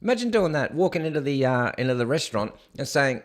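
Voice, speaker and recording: A man's voice: medium pitch, big pitch swings, fast talker, hardly any pauses. A man hosting his own show, reading out news headlines and mocking them in a sarcastic, scoffing rant. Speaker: show host. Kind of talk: casual news commentary rant.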